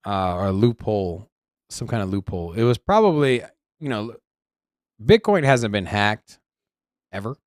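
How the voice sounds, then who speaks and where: Animated man co-hosting a crypto stream. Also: lowish voice, normal speed, pauses often, no echo, studio quality. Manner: animated, restarts often, greets the chat loudly. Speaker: co-host. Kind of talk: casual crypto news chat.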